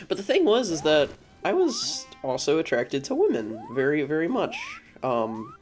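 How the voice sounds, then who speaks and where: A man's voice: a little high, wildly swooping pitch, measured pace, faint music behind. A young man casually telling a personal story, rambling with frequent restarts and fillers and swearing now and then. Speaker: vlogger.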